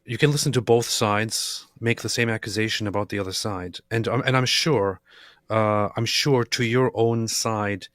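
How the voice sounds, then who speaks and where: Low-voiced guy, calm, thinking out loud, dry close sound. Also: no room sound. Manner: measured, reflective, short dry interjections. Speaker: co-host. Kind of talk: casual livestream chat.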